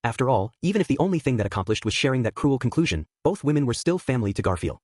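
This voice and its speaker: Fast husky male audiobook narrator. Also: mid-range voice, sing-song, darkish tone, no room sound, studio quality. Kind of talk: scripted narration.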